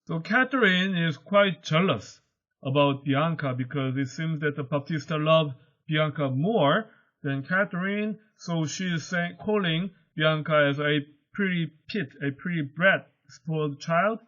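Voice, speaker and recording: A male teacher whose first language is Korean explains a play in English, paraphrasing each quoted line in simple words and going higher when he reads lines aloud. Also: unhurried, a bit bright. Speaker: high school English teacher. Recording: dull lo-fi recording.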